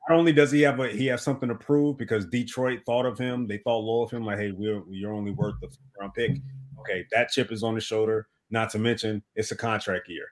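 A man appearing as a guest on a fan podcast, telling stories in an animated, emphatic way. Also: mid-range voice, quick pace, few pauses. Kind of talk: casual sports chat.

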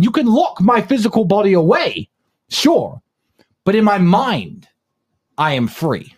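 Man, podcast co-host, scornful, emphatic, animated pitch. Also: unhurried, long pauses, husky. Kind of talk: podcast monologue.

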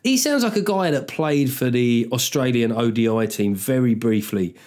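A man's voice: medium pitch, expressive, moderate pace, a little mellow. A middle-aged man in his forties hosting a comedy podcast, riffing and swearing in a loose, joking monologue. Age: 40s. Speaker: podcast host.

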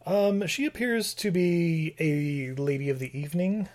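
A man's voice: a little high, animated, a little slow, a little mellow. Rambling man recapping a movie. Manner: rambling, many fillers and restarts. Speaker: podcast co-host. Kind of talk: casual chat recapping a movie.

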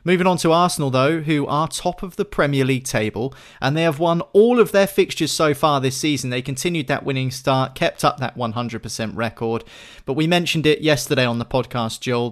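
A man's voice: medium pitch, moderate pace, hardly any pauses. A man hosting a football podcast, steadily moving the talk on to each new match. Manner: steady, leads topic changes. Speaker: podcast host.

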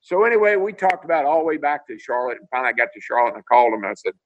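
An older man, a former racing driver, spins long stories on a video call. His pitch leaps and dips as he acts out each voice in the tale, lively and expressive. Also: rapid-fire, low-quality recording. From Tennessee. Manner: animated storyteller, acts out dialogue. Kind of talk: storytelling interview over video call.

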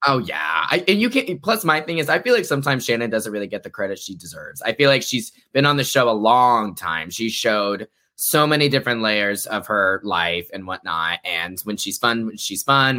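A man with a bright, forceful voice that swings widely in pitch. He talks in an animated, exclamatory way and laughs often. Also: brisk, few pauses. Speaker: magazine writer guest. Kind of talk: casual recap chat.

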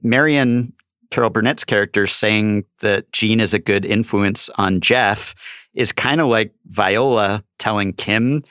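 A man co-hosting a podcast, talking through a show in casual chat, analytical and quick to laugh. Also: on the low side, a bit bright, clear, resonant tone, no room sound, clean studio sound. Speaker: podcast co-host.

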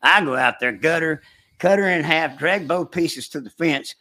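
Bright-voiced older man spinning a yarn. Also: fairly high pitch, normal speed. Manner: folksy rural drawl, animated when retelling shouts. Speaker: storyteller recounting hunting trips. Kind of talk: casual storytelling chat.

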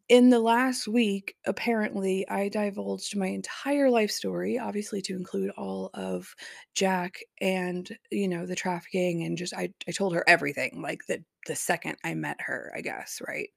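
A woman's voice: mid-range voice, steady tone, unhurried, creaky, dry recording, clean studio sound. A woman hosting a podcast, casually recounting a personal story, chatty and full of "like" with bursts of disbelieving laughter. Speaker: podcast host.

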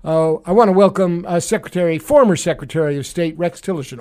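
A man from New York with a New York accent, hosting a casual radio talk show in a halting way. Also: high-pitched, a little mellow. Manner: halting, full of restarts and fillers. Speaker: radio host.

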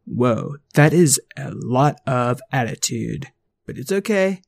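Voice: medium pitch, animated, slow pace, gravelly, no room sound, clean studio sound, heavily acted. A performer voicing a laid-back, centuries-old robot babysitter who talks in easygoing slang. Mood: chilled out. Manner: drawling surfer-style slang, says beep boop.

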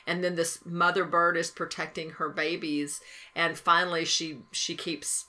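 A woman's voice: lowish voice, little pitch movement, a little slow, bright, forceful tone. A woman in casual conversation, chatty and agreeable as she retells scenes. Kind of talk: casual chat.

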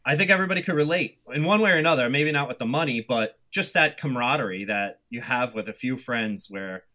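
A man's voice: medium pitch, fast, sharp tone. A man in his thirties with a New York accent, a guest telling stories in a chatty way and acting out his own past remarks. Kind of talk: casual interview chat.

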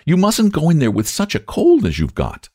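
Man doing a sweet soft-spoken older woman, kinda high and sing-songy. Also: wildly swooping pitch, moderate pace, no room sound, clean studio sound, heavily acted. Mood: kindly. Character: kindly, gentle older woman, sentimental.

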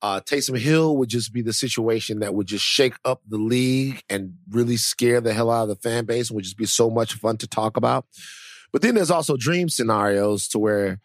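A man co-hosting a podcast chats casually, wandering off with many fillers and restarts. His medium-pitched voice keeps a moderate pace, and the clean studio recording has no room sound.

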